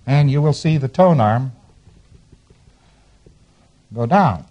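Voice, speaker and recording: A man lecturing at an ordinary pitch, pointing out diagrams as he goes. He chuckles now and then and briefly acts out examples to make a point. His tone is that of an instructor talking students through a procedure. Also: animated, takes it slowly, mellow, dull audio. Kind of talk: classroom lecture.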